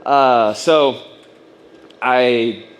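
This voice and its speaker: A man at a mid-range pitch tells a long personal story to a room of fellow business owners. He rambles casually, packs his talk with fillers, and slips into the voices of the people he quotes. A faint hiss sits underneath. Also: very slow. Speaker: speaker at a business training event. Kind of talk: personal story told to an audience.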